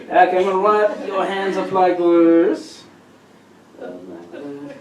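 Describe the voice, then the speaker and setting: A man performing a comedy magic act on a theatre stage, teasing and bantering with the audience in a playful, excitable way. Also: high voice, slow. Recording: roomy echo from far off.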